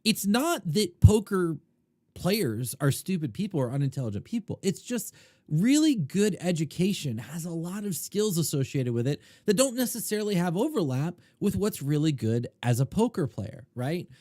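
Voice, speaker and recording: A middle-aged man hosting a podcast, telling stories in a casual, animated way, swinging between loud and quiet. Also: fairly high pitch, normal speed, no room sound. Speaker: podcast host, poker coach. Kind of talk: casual storytelling monologue.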